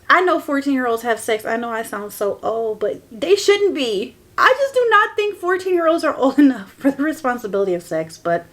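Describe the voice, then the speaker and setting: A woman's voice: sing-song, fairly quick, hardly any pauses. A woman hosting a podcast and telling a personal story candidly, often laughing through painful memories and speaking straight to her listeners. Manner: shifts between soft, hushed lines and bursts of higher, louder emphasis. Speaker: podcast host.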